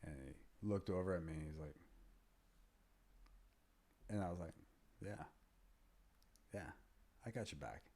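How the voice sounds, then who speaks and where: Husky low-voiced man in his fifties. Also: a little slow, long pauses, mellow. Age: 50s. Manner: rambling anecdotes, drops to near-whispers when quoting. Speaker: guest, MMA fighter and trainer. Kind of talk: casual interview storytelling.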